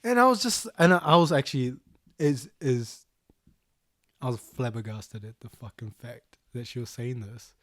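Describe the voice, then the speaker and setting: Swearing, animated young New Zealand man. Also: medium pitch, normal speed, dry recording, studio quality. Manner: animated storyteller, swears a lot, acts out quotes. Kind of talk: casual podcast chat.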